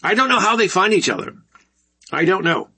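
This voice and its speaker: Male talk host, solo studio rant, sarcastic, bright sharp tone, husky. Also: sits high, brisk. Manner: animated, sarcastic, ranting. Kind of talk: solo ranting commentary. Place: broadcast studio, alone.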